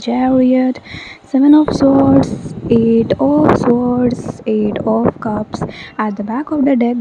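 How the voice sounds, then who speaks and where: A chatty woman from India talks through a tarot reading in a loose, rambling way, with plenty of fillers. Her voice sits a little high and sounds mellow. The recording is a touch dull, with faint background noise. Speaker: tarot reader. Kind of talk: casual tarot reading monologue.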